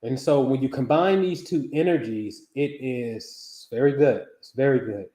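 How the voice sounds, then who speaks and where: A middle-aged man hosts a casual astrology reading on a live stream, speaking in a loose, slangy way and calling viewers by name. His mid-pitched voice has a dark tone at normal speed, and the room sounds echoey.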